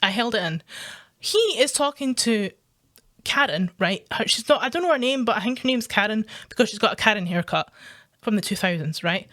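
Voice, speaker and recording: A woman's voice: medium pitch, fairly quick. A woman with a Scottish accent ranting through a reaction commentary, swearing often and laughing as she goes. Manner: animated ranting, heavy swearing, frequent laughter. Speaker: reaction video streamer.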